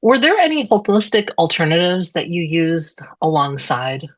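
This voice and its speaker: A woman hosting a podcast interview, giving soft affirmations and asking gentle questions. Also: on the low side, very animated, normal speed, dry recording, lo-fi sound. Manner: quiet listener, soft affirmations. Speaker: podcast host.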